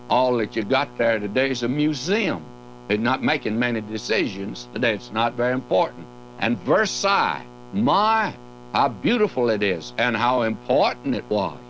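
A man's voice: mid-range voice, fairly bright tone, muffled recording, slight background noise. An older man teaching through a Bible book in a folksy, emphatic way, his voice lifting on key words.

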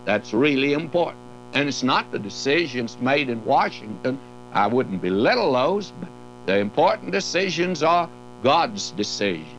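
A man's voice: mid-range voice, big pitch swings, moderate pace, fairly bright tone, highs cut off, slight background noise. An older man teaching through a Bible book in a folksy, emphatic way, his voice lifting on key words.

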